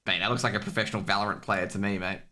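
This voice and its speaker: A man's voice: fairly low pitch, little pitch movement, racing, noisy background. An Australian man casting an esports match on his own stream, chatty, rambling and jokey. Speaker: esports caster. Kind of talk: casual solo stream commentary.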